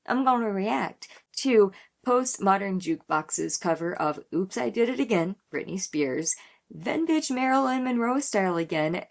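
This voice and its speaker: A woman's voice: on the low side, creaky. A woman in her thirties hosting a music reaction video, chatting casually and effusively with lots of "like" fillers. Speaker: reaction channel host.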